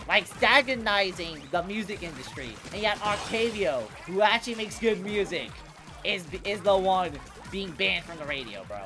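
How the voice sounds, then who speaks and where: Slangy streamer woman over loud game music. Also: mid-range voice, normal speed. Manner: slangy and animated, saying "bro" constantly. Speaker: live streamer. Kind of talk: casual livestream chatter over gameplay.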